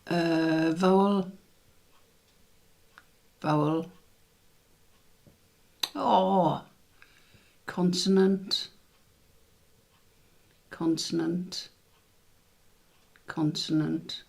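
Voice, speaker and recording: Man, quiz host, gravelly voice, slow unhurried delivery, thinking aloud, spelling out letters. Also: fairly high pitch, steady tone. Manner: muses aloud over word puzzles, spells letters out. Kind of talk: casual live word-game hosting.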